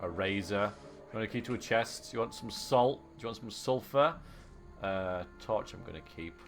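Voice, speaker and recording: Man, game streamer, chatty and joking, bright tone, lowish voice, faint game music. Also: normal speed. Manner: chatty, joking, laughs often. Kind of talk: casual live-stream commentary.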